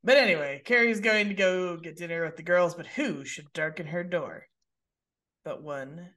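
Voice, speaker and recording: Podcast co-host, middle pitch, relaxed recap delivery that slips into quoted lines. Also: moderate pace. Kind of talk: casual chat, recapping a TV episode.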